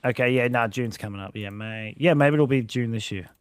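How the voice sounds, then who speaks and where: A brisk, smooth, mid-range male voice comes through a dry recording. He's a podcast co-host in casual conversation who wanders from point to point, fixes his own wording, and laughs frequently.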